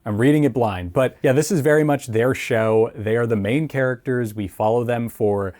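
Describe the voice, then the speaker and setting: A man's voice: medium pitch, normal speed, a little mellow. Chatty rambling male film reviewer. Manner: rambling, chatty, laughs often, many fillers. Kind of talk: casual spoken film review.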